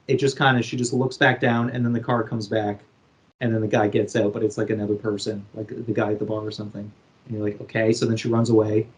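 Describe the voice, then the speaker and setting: Animated man retelling a film plot. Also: mid-range voice. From Canada. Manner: animated retelling with acted-out quotes. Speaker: podcast co-host. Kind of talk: casual chat.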